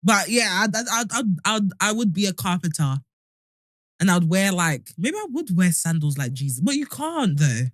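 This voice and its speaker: Animated young woman podcaster. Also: lowish voice, normal speed, no echo. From Nigeria. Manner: animated, joking, acts out comic voices. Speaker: podcast co-host. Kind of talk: casual chat.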